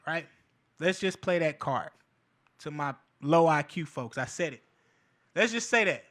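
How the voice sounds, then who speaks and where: Male host, casual profane commentary, high bright voice. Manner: animated and profane, laughs between points. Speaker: show host. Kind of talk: casual cultural commentary monologue.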